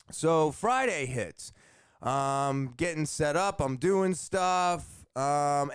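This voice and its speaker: A man's voice: a little high, smooth, no echo, clean studio sound. A man hosting a podcast, telling about his week in a blunt, ranting monologue and swearing now and then. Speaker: podcast host and vape shop worker. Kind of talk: casual monologue.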